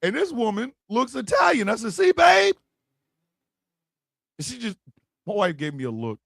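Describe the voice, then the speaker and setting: A man with a somewhat high, gravelly voice swings wildly up and down as he tells stories, his swearing excitable and loud. He is recorded close on a dry studio mic, and he keeps switching into shouted impressions of other people. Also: a little fast, no echo. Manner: profane, excitable, acts out quotes loudly. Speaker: podcast co-host. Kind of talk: animated casual chat.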